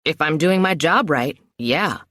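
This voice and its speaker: A cocky, easygoing young man who trains the team, voiced by a woman reader who drops her voice low into a relaxed drawl. The storybook delivery is close and dry, with no room sound. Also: a little slow, no echo.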